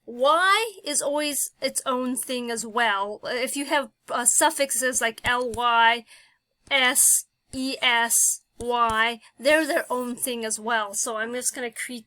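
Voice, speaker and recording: A woman's voice: a little high, takes it slowly, sharp tone. A woman teaching a phonics lesson, talking patiently and thinking aloud with many fillers.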